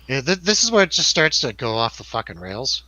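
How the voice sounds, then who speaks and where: A man's voice: mid-range voice, very animated, a little fast, bright, forceful tone, no echo. A man hosting a casual film review chat, joking and laughing often. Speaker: radio show host.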